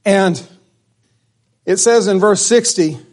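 Man, preacher, sermon, somewhat high voice, emphatic, stumbles and repeats words. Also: slow pace. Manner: emphatic, drops to a hush for dramatic lines.

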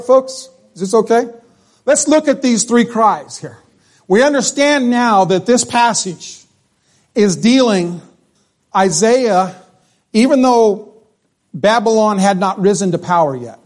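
Pastor, male, high voice, conversational sermon with questions to the congregation. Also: darkish tone.

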